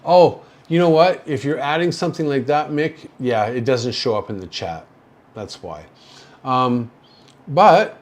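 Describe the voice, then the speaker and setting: An older man hosting a casual livestream, talking in a halting, rambling way with many fillers and soft chuckles as he reads viewer chat. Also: medium pitch, lively intonation.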